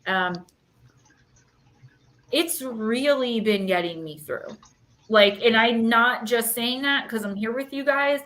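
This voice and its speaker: Giving live-stream card readings from an echoey room, a woman in her thirties rambles chattily and emotionally, filling gaps with fillers. Her fairly high, fairly bright voice takes things slowly with long pauses.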